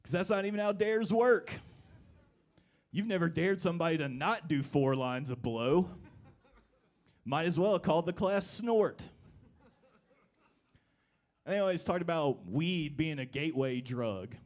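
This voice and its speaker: A young man doing a stand-up comedy set in a live comedy club, telling stories with wry deadpan delivery. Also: fairly high pitch, a little slow, pauses often.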